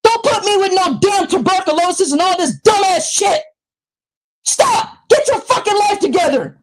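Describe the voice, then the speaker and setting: A woman with a high voice rants on her live stream into a new microphone. She is heated and profane and often breaks into shouts. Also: lively intonation, a little fast, low-quality recording. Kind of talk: angry live-stream rant. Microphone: new desktop microphone.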